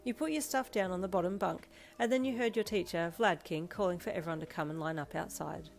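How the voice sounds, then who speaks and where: A woman reading a second-person fanfiction story aloud in a steady, gentle storytelling manner. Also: fairly low pitch, a little fast, creaky, soft background music. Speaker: fanfiction reader.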